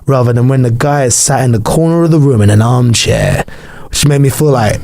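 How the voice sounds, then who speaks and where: A man's voice: medium pitch, big pitch swings, a little fast, vocal fry, darkish tone, slight background noise. A man, co-hosting a podcast and telling crude, jokey stories in a rambling, casual way. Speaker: podcast co-host. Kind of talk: casual chat.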